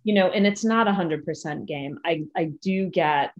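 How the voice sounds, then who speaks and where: A woman with a lowish voice talks at a moderate pace, hosting a casual podcast chat. She's candid and laughs her way through her stories. The audio is dull and lo-fi.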